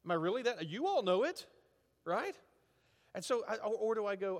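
A middle-aged man preaching a conversational sermon as a pastor, with lively acted asides. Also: sits high, normal speed, long pauses. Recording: long hall reverb.

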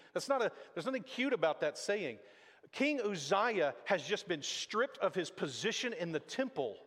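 A pastor delivers a sermon in a conversational preaching style, acting out quotes. His voice is a little high and a bit bright, with church hall reverb from the echoing sanctuary.

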